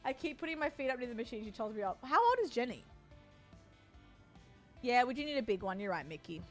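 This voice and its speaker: A woman's voice: fairly high pitch, animated, brisk, soft background music. Chatty Australian woman streaming a game. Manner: chatty and playful, calls viewers doll and babe. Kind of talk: casual live-stream chat while playing.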